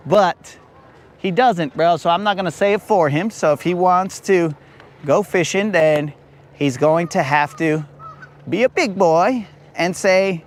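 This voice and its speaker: A man streaming live from a fishing boat on a lake, joking with his chat in a slangy way, his voice a bit raspy from talking. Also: sits high, unhurried. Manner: slangy, joking, talks to chat as bro and dog.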